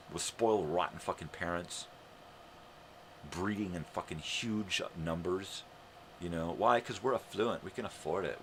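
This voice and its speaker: A man's voice: deep voice, vocal fry, fairly bright tone, slight background noise. An older American man hosting a live morning show, talking in a sarcastic, swearing rant. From United States. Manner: profane, ranting, heavy swearing; sarcastic, mocking.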